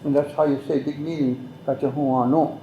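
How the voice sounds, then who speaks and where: An older man, slowly telling a traditional story as an elder guest, with measured, repeated phrases. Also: on the high side, gravelly, lo-fi sound. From Mohawk Valley, New York. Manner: measured, repetitive, speaks some phrases in Mohawk. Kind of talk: slow oral storytelling. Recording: roomy echo.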